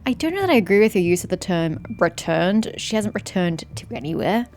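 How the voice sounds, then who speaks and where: A woman's voice: mid-range voice, big pitch swings, darkish tone. Sarcastic woman doing game commentary. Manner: sarcastic, joking, quick asides. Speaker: gaming streamer. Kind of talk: let's play commentary.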